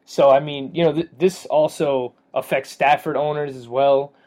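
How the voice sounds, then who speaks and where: A man co-hosting a fantasy football podcast, chatting casually, rambling with fillers and quick to joke and laugh. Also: a little high, steady tone, darkish tone. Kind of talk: casual sports chat.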